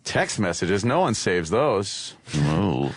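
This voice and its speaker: A man co-hosting a radio talk show, tossing in quick wisecracks and banter from a studio mic. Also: deep voice, sing-song, husky, dry recording.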